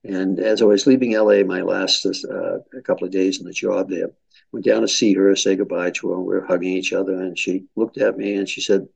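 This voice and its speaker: Gravelly older man with a Boston accent. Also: sits low, fairly even intonation, darkish tone, rough recording. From Boston, USA. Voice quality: gravelly, husky. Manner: measured, hesitant with many fillers. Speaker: interview guest. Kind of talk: reflective interview answer.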